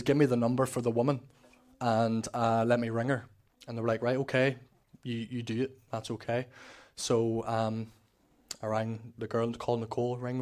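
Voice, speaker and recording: A man's voice: medium pitch, darkish tone. A young man with a Northern Irish accent giving a candid personal testimony in church, acting out the dialogue as he tells his story.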